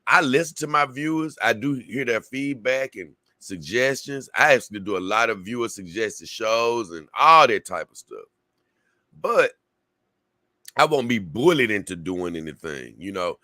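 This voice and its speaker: A man hosting a reaction show, commenting in a laughing, excitable, slangy way. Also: on the low side, normal speed, no room sound, clean studio sound. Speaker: reaction host.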